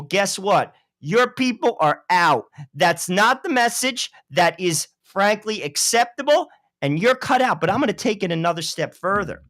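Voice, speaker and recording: A man talking politics on a talk show, blunt and emphatic, pressing his points hard. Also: a bit bright. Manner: blunt and emphatic, swinging in pitch.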